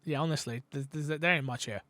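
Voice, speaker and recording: A man hosting a casual gaming podcast, telling stories in an animated, jokey way. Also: mid-range voice, quick pace, dry recording. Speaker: podcast host.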